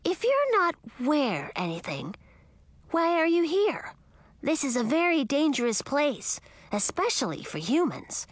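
Woman narrator doing a chatty little boy dragon for a storybook, eager and curious, lively sing-song pitch, dry close sound. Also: unhurried, no echo, heavily acted.

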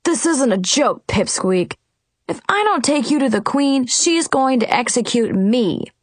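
A woman voicing a gruff, bossy male knight guard in a storybook reading, barking orders. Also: a little high, very animated, a little slow, no echo, voice pushed up, full character voice.

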